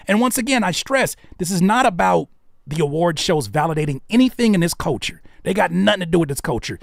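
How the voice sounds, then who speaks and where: A man hosting reaction commentary, swinging between heated ranting and hushed asides. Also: on the high side, sing-song, brisk, vocal fry, no echo, studio quality. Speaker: host.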